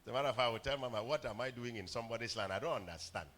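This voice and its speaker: A male pastor preaching a sermon in church, telling stories, often stammering on words and building up to shouts. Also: medium pitch, very fast. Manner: storytelling preacher, rising to shouts, stammered repeats. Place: church hall.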